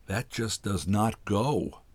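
A man's voice: fairly low pitch, takes it slowly, darkish tone, slightly rough, no room sound. A man voicing a nosy, chattering society woman in a storybook reading, gushing and eager.

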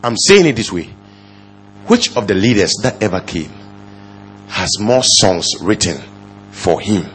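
A male pastor preaching a sermon, firing off rhetorical questions and swinging from low murmurs to loud exclamations. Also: sing-song, unhurried, slight background noise.

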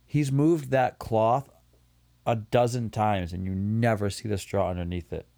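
Low-voiced reflective man. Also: steady tone, a little slow, gravelly, warm tone. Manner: reflective, uses "you know" often. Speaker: podcast co-host. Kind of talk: casual chat.

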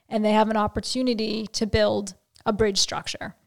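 A woman's voice: mid-range voice, little pitch movement, normal speed, creaky. A woman podcast host interviewing a guest, asking probing questions and rephrasing them as she goes.

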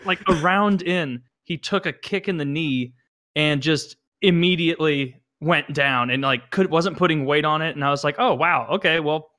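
A man with a fairly high voice chatting on a podcast. He rambles in halting sentences full of fillers. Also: sharp tone, dry recording, studio quality. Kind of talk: casual chat.

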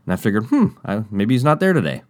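Male storyteller, low voice, very animated delivery, dry close mic. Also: fast, no echo. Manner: animated, jumps to high voices when quoting others; rambling with frequent restarts and fillers. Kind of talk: casual personal storytelling.

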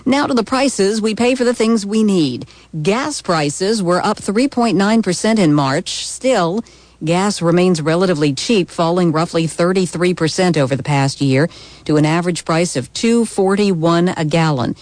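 Woman, radio news anchor, formal, measured, dry studio sound. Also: on the low side, darkish tone, dry recording.

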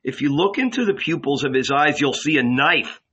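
A man's voice: on the high side, lively intonation, moderate pace, fairly bright tone, breathy edge, lo-fi sound. A man voicing a young, devoted male disciple who pleads in alarm. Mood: worried.

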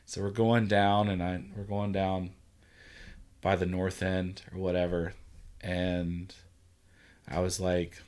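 A man hosting a casual talk, telling a story in an animated way, acting out the quotes and swearing freely. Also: sits low, takes it slowly, pauses often. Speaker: podcast host. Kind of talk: casual conversation.

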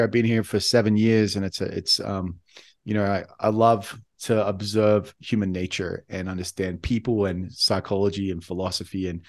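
Australian man, forties, podcast co-host; low voice, loose and reflective, lots of restarts. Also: level tone, normal speed. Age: 40s. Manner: rambling, reflective, with frequent restarts. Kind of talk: casual conversation.

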